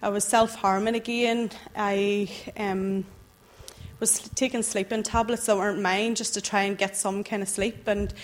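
A young woman tells her personal testimony to a church gathering. She speaks earnestly and a little haltingly, with the weight of emotion running through her words, in a voice that sits at a middling pitch. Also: little pitch movement. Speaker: church member giving testimony.

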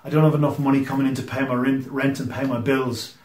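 A man's voice: mid-range voice, flat delivery, fast, darkish tone, close to an everyday voice. A man preacher acting out a touchy churchgoing man who bristles when his money is raised, in an echoey room. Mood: worried.

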